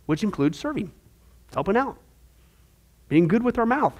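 A man teaching a discipleship Bible class in a conversational, animated way, using homey analogies and checking in with the class with frequent "okay?". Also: high voice, normal speed, pauses often.

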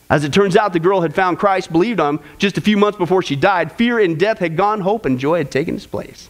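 A man's voice: expressive, fast. A man preaching a sermon as pastor, emphatic and earnest, stretching his words and leaning hard on key phrases. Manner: emphatic, rising to a high pitch on quotes.

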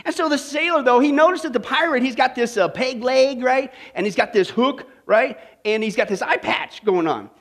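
A man's voice: extremely high pitch, normal speed, hardly any pauses. A male pastor preaching a Bible study, telling a joke and firing questions at the congregation by name. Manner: animated, quizzes the congregation by name. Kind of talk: sermon with joke.

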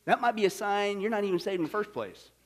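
High-voiced preacher, hushed to shouting. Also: male voice, lively intonation, quick pace. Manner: swings from hushed to shouting, emphatic. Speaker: pastor. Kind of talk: sermon.

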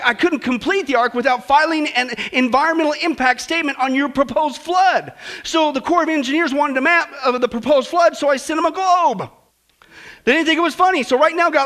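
A preacher voicing complaining Noah. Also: male voice, very high voice, pushed and bright. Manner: complaining, rambling list of excuses. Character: whining old male Noah, pleading excuses.

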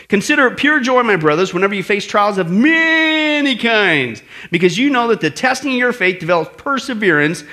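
A middle-aged pastor preaches with a high, bright voice. His pitch swings widely as he acts out shouts and tells stories, checking in with the listeners by asking "right?" again and again. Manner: animated storytelling with acted shouts and asides; keeps asking the audience "right?". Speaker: pastor teaching apologetics. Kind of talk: sermon.

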